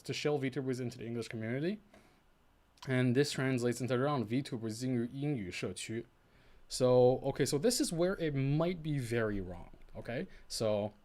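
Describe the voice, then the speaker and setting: A man talking to himself on a solo stream, rambling and self-correcting as he goes. His pitch is very lively, dropping into low mumbles and then jumping up high for emphasis. The pitch sits in a middle range for a man. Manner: rambling, self-correcting, thinking aloud with many restarts; swings between low mumbles and bursts of high animated emphasis. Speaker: VTuber streamer. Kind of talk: casual solo stream chat.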